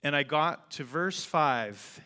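A man's voice: a little high, expressive, bright, forceful tone, smooth. A man preaching a sermon, telling a personal story in an earnest, heartfelt way. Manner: earnest, heartfelt, slow and deliberate.

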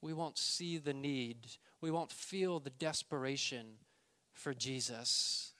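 A man preaching a sermon, emphatic, slowing down and stressing key words. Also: medium pitch, sharp tone, smooth. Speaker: pastor.

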